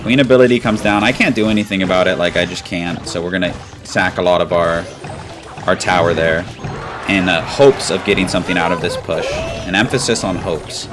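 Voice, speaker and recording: Over background music, a gaming commentator narrates his own play live, casually calling his moves and cheering the key moments, even chanting excitedly at big ones. He has a deep voice and talks a little fast.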